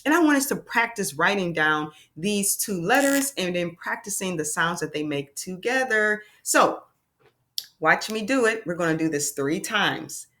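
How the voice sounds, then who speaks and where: A woman teaching young children a phonics lesson, sounding out letters slowly and with exaggerated emphasis. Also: fairly low pitch, animated, fairly bright tone.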